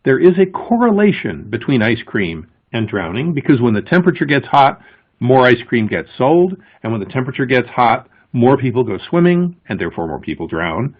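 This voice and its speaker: A man giving a conference presentation, explaining with emphasis and pausing before key words. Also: medium pitch, sing-song, breathy edge. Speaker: conference speaker. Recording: thin, phone-like lo-fi audio.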